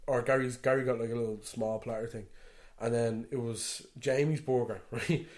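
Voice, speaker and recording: A man's voice: medium pitch, steady tone, normal speed, a little mellow. Young Dublin Irish man, podcast co-host; chatty, laughing storyteller who acts out quotes. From Ireland. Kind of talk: casual chat.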